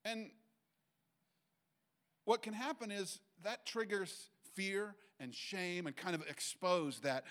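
A man's voice: high voice, slow pace, a bit bright. A middle-aged man preaching a sermon in a conversational way, full of restarts and acted-out quotes. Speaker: pastor.

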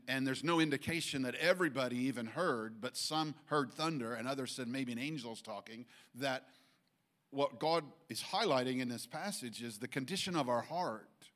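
Man preaching, halting then emphatic. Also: medium pitch, a bit bright. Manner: halting, many restarts and fillers, then emphatic swells. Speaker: pastor. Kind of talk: sermon.

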